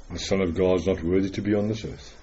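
A man preaching a dramatic, earnest sermon full of rhetorical questions, swinging between loud declarations and hushed words. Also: deep voice, fairly even intonation, normal speed, highs cut off, slight background noise.

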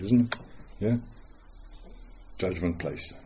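A man preaching a dramatic, earnest sermon full of rhetorical questions, swinging between loud declarations and hushed words. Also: low voice, slow, lo-fi sound, a little hiss or hum.

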